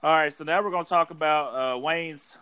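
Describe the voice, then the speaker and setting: A man hosting a sports talk panel, speaking haltingly with many fillers. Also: fairly high pitch, sharp tone, smooth, no echo. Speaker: podcast host.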